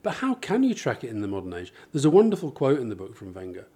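Husky, dark-toned man, thoughtful interviewee, talks in examples. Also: medium pitch, wildly swooping pitch, quick pace. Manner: thoughtful, explains with examples, many restarts. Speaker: author and interviewee. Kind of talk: conversational interview.

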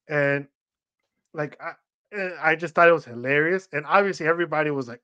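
A young man with a fairly high voice chats on a podcast. He rambles through stories, leans on "like" and acts out other people's lines. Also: fairly quick, sharp tone, highs cut off. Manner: rambling storyteller, acts out quoted voices, many "like" fillers. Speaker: podcast co-host. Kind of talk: casual chat.

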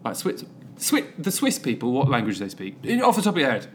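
A man, co-hosting a casual podcast chat, teasing and quick to laugh. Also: medium pitch, huge pitch swings, slight background noise. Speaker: podcast co-host.

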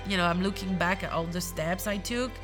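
A woman in her thirties giving a halting, emotional personal testimony at church. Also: lowish voice, music in the background. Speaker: church member sharing testimony.

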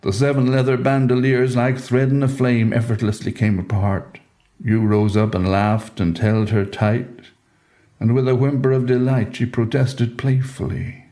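Man reading a story poem, slow, mellow, solemn and measured. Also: fairly low pitch, fairly even intonation. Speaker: narrator.

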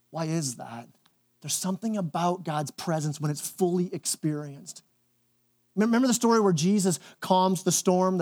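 A man preaching a church sermon, animated, then dropping to a hushed, intense tone. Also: a little high. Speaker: pastor.

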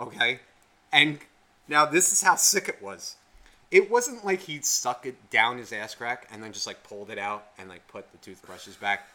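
A man co-hosting a podcast, telling a rambling story in casual chat, profane and animated. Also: medium pitch, normal speed. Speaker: podcast co-host.

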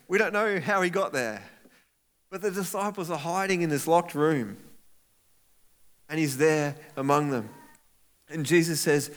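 A man preaching a sermon as pastor, animated and acting out voices of people in the story. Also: a little high, measured pace, long pauses.

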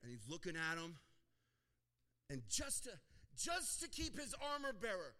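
A man preaching a sermon as pastor, joking with the congregation and acting out little scenes in a lively way. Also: high-pitched, normal speed.

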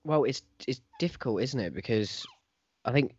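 A man trades teasing, deadpan banter with his co-host. His voice sits at a middle pitch. The recording is dry and a little dull, with no room sound. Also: normal speed, breathy edge, dry recording. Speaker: podcast co-host. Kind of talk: casual chat.

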